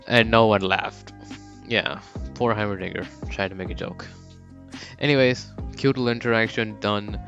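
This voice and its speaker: A man's voice: lowish voice, fairly even intonation, normal speed, fairly bright tone, highs cut off, faint music behind. A young man casually narrating a fan story, slangy and rambling.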